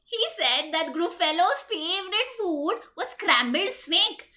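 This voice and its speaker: A woman reads a story to little children in a very high, bright voice. She speaks very slowly and with a lively, sing-song rise and fall. She keeps stopping to ask the children questions. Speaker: preschool teacher.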